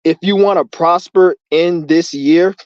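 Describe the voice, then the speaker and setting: A man's voice: on the high side, a little slow, a little mellow, no echo, highs cut off. A young man hosting a livestream Q&A outdoors in the rain, rambling in loose, profane street talk full of restarts. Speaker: streamer hosting a Q&A.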